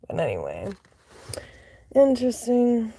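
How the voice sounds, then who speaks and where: A woman telling casual storytime anecdotes, chatty and full of "like" fillers, laughing and swearing, sometimes dropping to soft whispery asides. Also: fairly high pitch, creaky, slight background noise.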